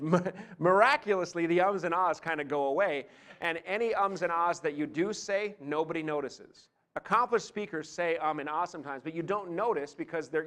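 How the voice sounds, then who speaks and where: A man giving a live talk on presentation skills from a podium, lively and theatrical, with chatty asides to his audience. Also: fairly high pitch. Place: meeting room, speaking from a podium.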